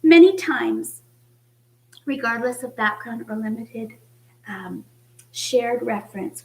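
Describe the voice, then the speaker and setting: High-voiced woman giving a gentle sermon. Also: takes it slowly, gravelly, low-quality recording. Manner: reflective, with soft hushed passages. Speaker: church speaker. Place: church.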